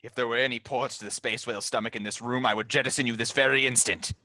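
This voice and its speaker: A man's voice: mid-range voice, steady tone, fast, bright, forceful tone. A man playing a tabletop role-playing game, giving a grandiose, menacing in-character speech.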